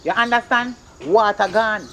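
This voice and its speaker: A performer playing a stern, broke Jamaican mother who scolds her son in rapid patois. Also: mid-range voice, a bit bright, slight background noise, natural voice. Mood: scolding. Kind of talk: comedy skit acting.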